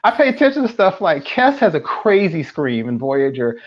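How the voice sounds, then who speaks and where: Male podcast co-host, higher voice, eager and chatty, dull lo-fi audio. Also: moderate pace. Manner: animated fan enthusiasm with laughs. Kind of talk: casual chat. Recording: dull lo-fi sound.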